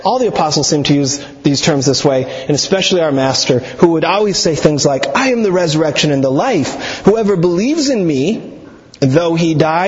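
A man preaching a sermon, teaching deliberately, quoting scripture and slowing down on key words. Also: high-pitched. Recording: echoey hall, dull sound.

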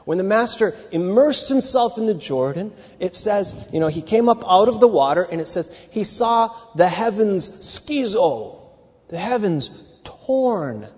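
A man's voice: high-pitched, sing-song, measured pace, a little mellow, husky. A man teaching a sermon, telling the story with dramatic emphasis and many restarts. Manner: rambling with restarts. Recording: hall reverb.

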